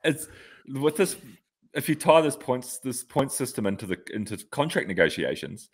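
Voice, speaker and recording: A man's voice: medium pitch, sing-song, normal speed, breathy edge. A man co-hosting a casual podcast chat who argues bluntly with examples and swears freely. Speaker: co-host.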